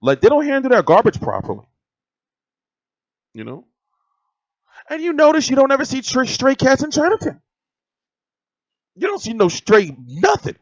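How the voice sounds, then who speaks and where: A man's voice: extremely high pitch, huge pitch swings, normal speed, pauses often, dry recording. A man telling a story in casual, profane, rambling vlog commentary. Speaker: boxing vlogger. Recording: dry, slightly dull lo-fi sound.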